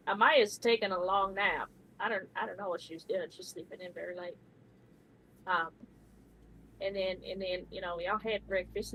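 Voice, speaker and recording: A woman's voice: medium pitch, a bit bright, a little hiss or hum, low-quality recording. A woman giving a rambling, casual recap of the last tabletop game session, full of restarts.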